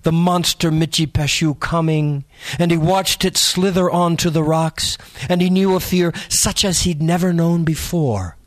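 A man's voice: a little high, steady tone, unhurried, dry recording, clean studio sound. Man reading a suspenseful audiobook. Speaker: narrator. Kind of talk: scripted audiobook narration.

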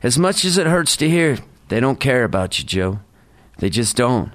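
Brief: a man reading as a blunt, caring middle-aged nurse, brisk and chatty. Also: mid-range voice, very animated, fairly bright tone. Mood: earnest.

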